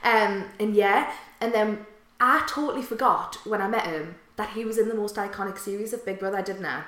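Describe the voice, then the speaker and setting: A woman's voice: mid-range voice, a little fast, a bit bright. Chatty woman, echoey room. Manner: chatty storyteller, laughs often, sweary. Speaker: podcast co-host. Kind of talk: casual chat and anecdote.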